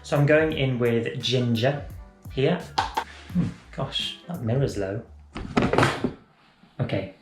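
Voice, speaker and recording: A man's voice: mid-range voice, takes it slowly, long pauses. A man chatting through a drag makeup tutorial at home, rambling, correcting himself and playful. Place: room at home. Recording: roomy echo, faint music.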